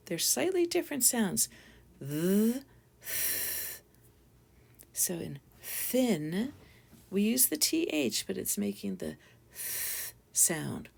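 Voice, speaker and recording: A woman teaching a phonics spelling lesson to young children, sounding out each letter slowly and deliberately. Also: on the high side, vocal fry.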